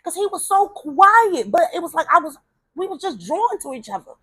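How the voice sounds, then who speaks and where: A woman telling a personal story in a casual, animated way, acting out the voices of the people she quotes. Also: very high voice, moderate pace, no echo.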